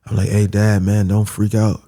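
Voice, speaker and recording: A young man tells a story as a podcast guest, with animated retelling and plenty of repeated "I'm like"s. His voice sits low, with a gravelly, husky edge. The tone is mellow rather than bright. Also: normal speed. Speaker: podcast guest, former pro boxer. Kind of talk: casual storytelling in conversation.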